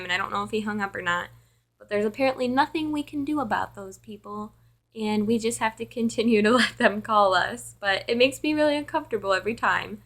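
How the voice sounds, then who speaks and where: A woman's voice: fairly high pitch, fairly bright tone. A tired young woman who works at a call center, chatting casually in a vlog and filling her talk with "like.".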